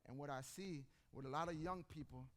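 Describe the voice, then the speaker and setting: Speaking directly to his congregation, a male preacher in his forties delivers a conversational sermon full of animated stories. He talks fairly fast in a somewhat high voice.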